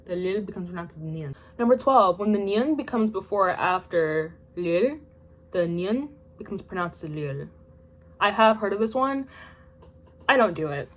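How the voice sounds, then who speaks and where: Young woman, casual study vlog, chatty, self-deprecating, quiet trailing asides. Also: fairly low pitch. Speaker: language learner vlogger. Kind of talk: casual study vlog, reading rules aloud.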